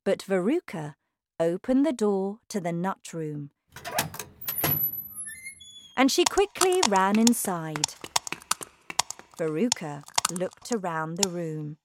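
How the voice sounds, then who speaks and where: A woman narrating a children's storybook in a slow, careful, expressive read. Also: fairly low pitch, background noise.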